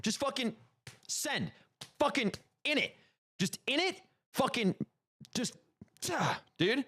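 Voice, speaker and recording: A young man live streaming a game, excitable, swearing and often shouting. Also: extremely high pitch, slow pace. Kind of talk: live gameplay streaming with voice chat.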